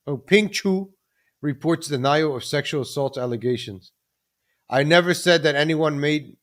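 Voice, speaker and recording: A man hosting a live stream, ranting about the news and repeatedly addressing the audience. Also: a little high. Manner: ranting, repeats ladies and gentlemen. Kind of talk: casual commentary live stream.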